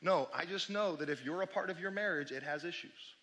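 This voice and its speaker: A man preaches to his congregation in a high, bright voice. He swings from loud exclamations to quiet, hushed asides as he speaks. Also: fairly quick, slight background noise. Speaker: pastor. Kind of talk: sermon.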